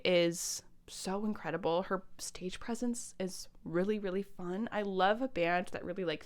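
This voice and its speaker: A woman's voice: medium pitch, clear, resonant tone. A woman casually reviewing albums on her vlog, chatty and enthusiastic, swearing and laughing often. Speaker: music vlogger.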